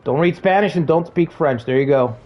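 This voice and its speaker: A brisk, high-leaning male voice comes through with the highs cut off and faint music behind. He's a relaxed gaming streamer telling work stories, quick to swear and laugh.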